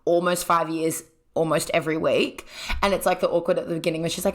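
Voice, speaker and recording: A young Australian speaker from Sydney, telling stories animatedly with lots of slang and "like" as a podcast guest. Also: female voice, fairly low pitch, fast, a bit bright. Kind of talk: casual podcast chat.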